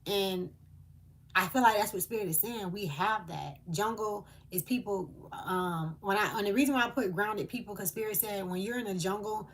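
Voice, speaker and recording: A woman's voice: medium pitch, normal speed. A woman speaking, delivering a channeled spiritual message in an earnest, emotional way with hesitant fillers.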